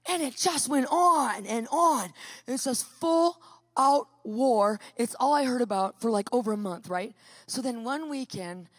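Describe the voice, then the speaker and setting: A woman telling a personal story in a sermon, lively and animated, acting out what people said. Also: fairly high pitch, unhurried, no room sound. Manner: lively, animated storyteller who acts out quotes. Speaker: Christian speaker.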